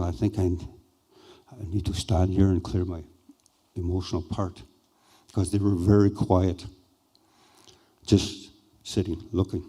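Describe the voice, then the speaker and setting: An older man slowly and haltingly recounting a personal experience as a speaker at a conference. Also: sits low, mellow, slightly rough. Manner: slow, halting, reflective. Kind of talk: personal storytelling.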